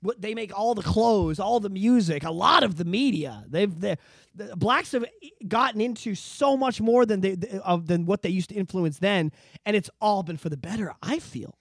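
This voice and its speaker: Young male co-host, quick high-pitched chatter, profane and rambling, dry close mic. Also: creaky, dry recording. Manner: profane, rambling, animated, bursts into shouted impressions. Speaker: podcast co-host. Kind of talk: casual podcast chat.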